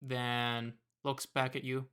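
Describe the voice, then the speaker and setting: A game master narrating a tabletop game, pausing with fillers and small laughs. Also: medium pitch, little pitch movement, a bit bright, smooth.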